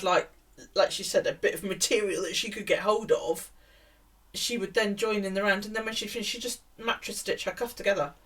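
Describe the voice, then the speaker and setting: A middle-aged woman with a husky voice, chatting casually and telling stories while she knits, swearing now and then. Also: medium pitch. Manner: chatty storyteller, swears casually, quotes others in a hushed voice. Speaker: knitting vlogger. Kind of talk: casual chat while knitting. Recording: voice a bit far from the mic.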